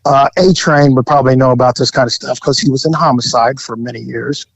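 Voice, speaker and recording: A man co-hosting a podcast, telling a profane, animated story from his time as a police officer. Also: medium pitch, brisk, gravelly, no room sound, dull audio. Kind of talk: casual storytelling chat.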